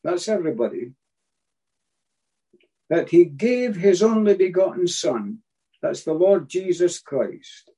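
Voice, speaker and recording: A man's voice: high voice, big pitch swings, slow, pauses often, mellow, husky, poor audio. A man preaching a sermon, emphatic and repeating his key phrases.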